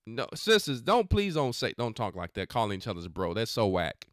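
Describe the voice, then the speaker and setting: Preachy man with a smooth, dry voice. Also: mid-range voice, sing-song, moderate pace, no room sound. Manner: preachy, scolding, casual slang. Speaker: podcast host. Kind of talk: religious commentary on videos.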